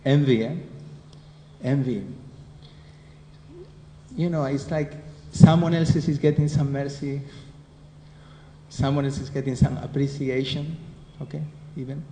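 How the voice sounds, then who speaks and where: A man's voice: medium pitch, steady tone, a little slow, pauses often, warm tone. A man with a Spanish accent giving a devotional class lecture, talking conversationally and often putting questions to his listeners. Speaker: scripture class teacher. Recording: roomy hall echo with faint noise.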